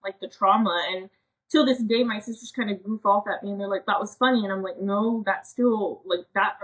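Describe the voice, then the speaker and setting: A woman's voice: mid-range voice, brisk, a bit bright, poor audio. A woman in her thirties telling a personal story in a candid, emotional way, quoting herself and others as she chats on a podcast. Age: 30s. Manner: emotional, earnest, quotes herself and others in a casual chatty way. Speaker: podcast co-host.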